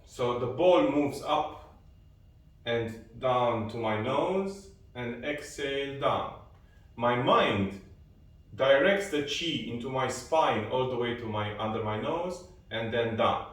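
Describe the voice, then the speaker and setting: Slow, calm man in an echoey room. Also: medium pitch, far from the mic. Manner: slow, calm cueing of breaths and movements. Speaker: qi exercise instructor. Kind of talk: guided online exercise class. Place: room at home with a balcony door.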